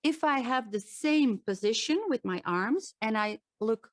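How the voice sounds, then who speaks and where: A woman's voice: fairly high pitch, lively intonation, unhurried, no room sound, studio quality. A woman, a voice and presentation coach, giving an earnest talk with demonstrations and frequent restarts. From Netherlands.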